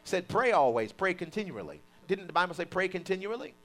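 His voice is high-pitched and his pace a little fast as he delivers a lively sermon. He has the congregation echo his words and performs quoted lines in imitation.

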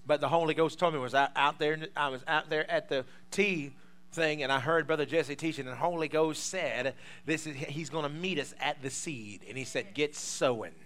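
A man's voice: on the high side, fairly bright tone. A male preacher, leading a sermon with call-and-response and bursts of praise. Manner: exuberant call-and-response, breaks into laughter and tongues.

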